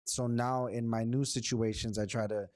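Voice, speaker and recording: Mellow man, hesitant and reflective. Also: mid-range voice, fairly even intonation, normal speed, no echo, clean studio sound. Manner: hesitant, reflective, many restarts. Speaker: podcast co-host. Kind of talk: casual podcast chat.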